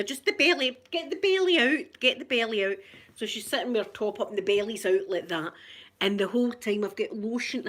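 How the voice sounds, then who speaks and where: Chatty Scottish grandmother on a livestream. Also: medium pitch. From Scotland. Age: older. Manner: chatty, warm greetings to viewers, frequent laughter. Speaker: livestream host. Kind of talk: casual live chat with viewers.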